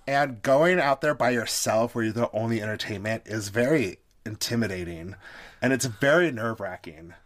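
A man's voice: on the low side, normal speed. A man co-hosting a casual recap podcast, giggling often and slipping into mocking voices. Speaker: podcast co-host.

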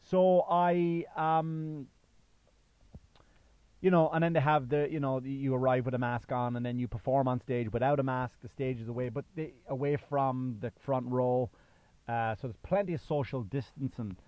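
A man's voice: mid-range voice, steady tone, moderate pace, dry recording, highs cut off. A man in his thirties with a faded Irish accent, a comedian hosting his own podcast, talking casually and rambling with many fillers and restarts. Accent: Irish, worn down by years in the US. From Ireland. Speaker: podcast host and stand-up comedian. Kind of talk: casual solo podcast monologue.

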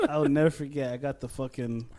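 A man's voice: a little high, wildly swooping pitch, moderate pace, a crowd in the background. A man hosting a casual podcast, telling stories between laughs and swearing freely. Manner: laughing storyteller, heavy swearing. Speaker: podcast host. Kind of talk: casual chat.

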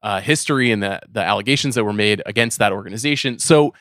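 A man co-hosting a casual podcast chat, animated and jokey, often laughing as he talks. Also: on the low side, fast talker, no room sound, studio quality. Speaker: podcast co-host.

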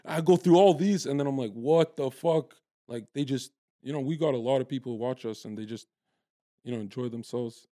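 A young man in his twenties from Canada, telling stories in a brash, profane, animated way as a guest in a casual podcast chat. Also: medium pitch, fast, no echo, studio quality.

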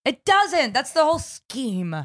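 A woman's voice: high voice, big pitch swings, measured pace, fairly bright tone, dry recording, clean studio sound. A young woman co-hosting a podcast in casual chat, teasing, telling stories and swearing casually. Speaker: podcast co-host.

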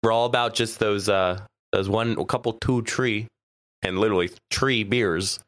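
A man's voice: on the low side, fairly even intonation, moderate pace, fairly bright tone, no room sound, studio quality. A man co-hosting a podcast in casual chat, a little stuffy, chatty and laughing often. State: stuffy nose. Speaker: podcast co-host.

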